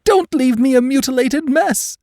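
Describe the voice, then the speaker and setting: A man's voice: very high-pitched, normal speed, warm tone, no echo, studio quality, voice pushed up. A man doing a terrified woman begging in sobs. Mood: sobbing begging. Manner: whimpering, pleading, sobbing.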